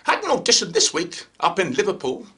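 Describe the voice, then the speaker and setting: A British actor with a received pronunciation accent talks chattily to camera. His delivery is theatrical, his pitch swings a great deal, and his tone is bright and forceful. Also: wildly swooping pitch, a little fast. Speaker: actor, channel host. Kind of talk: comic monologue.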